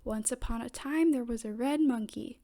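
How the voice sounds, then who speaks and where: A woman reading aloud, voicing a calm, sensible mother pig in a gentle, patient tone. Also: fairly high pitch, moderate pace, close to an everyday voice.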